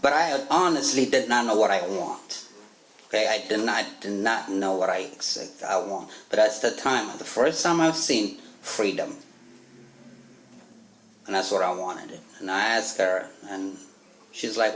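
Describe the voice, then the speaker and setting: Slight background noise accompanies this man from Africa as he gives his testimony at a recovery meeting, in an echoey meeting room with faint ambience. Speaking with an African accent in a lowish, fairly bright voice, a little slowly, he laughs often and acts out quotes while telling his story.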